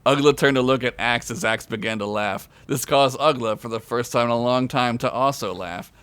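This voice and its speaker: A man with an average-pitched voice reads his own raunchy comedy story aloud for a podcast. He keeps breaking off for self-mocking asides and laughs. The sound is dry and close. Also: moderate pace, a bit bright, smooth, no echo. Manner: crude, self-mocking asides, often laughing mid-sentence. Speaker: podcast co-host telling a story. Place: podcast recording.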